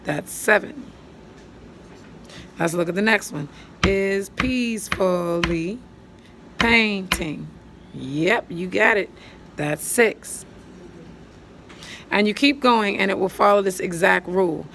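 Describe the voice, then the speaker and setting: A woman teacher patiently walking students through writing a poem, counting syllables aloud and thinking out loud as she writes. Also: mid-range voice, takes it slowly, creaky, pauses often, a little hiss or hum. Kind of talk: step-by-step poetry lesson.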